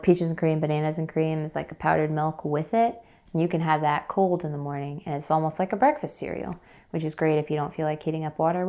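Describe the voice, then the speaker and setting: A woman's voice: deep voice, dark tone. A woman as an interview guest, telling a story in a casual, chatty way with many fillers.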